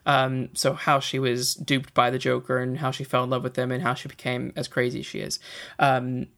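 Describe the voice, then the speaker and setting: A man in casual chat reviewing a film, animated and often acting out quotes. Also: mid-range voice, normal speed, creaky.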